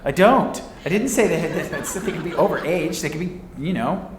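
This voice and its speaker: A middle-aged man telling a story as a talk show guest, animated and acting out the voices of the people in it. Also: a little high, fairly quick, a little hiss or hum.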